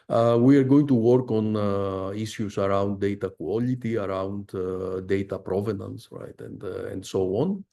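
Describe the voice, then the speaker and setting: Man, middle-aged, low pitch, mellow tone, academic talk, hesitant with many fillers. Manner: halting, frequent "uh" fillers. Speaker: visiting professor giving a research talk. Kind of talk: academic presentation.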